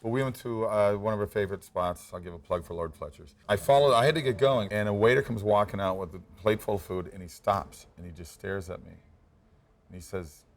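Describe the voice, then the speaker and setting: A man's voice: lowish voice, brisk. A middle-aged man, an actor, telling anecdotes casually in an interview, often restarting and repeating words. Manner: relaxed anecdotes, frequent repeats and stammered restarts. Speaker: actor guest.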